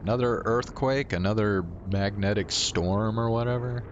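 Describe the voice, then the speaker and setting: A man's voice: low-pitched, expressive, slow pace, muffled recording, noisy background. A man reading a visual novel's narration aloud and casually commenting as he plays, sometimes swearing. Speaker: game player.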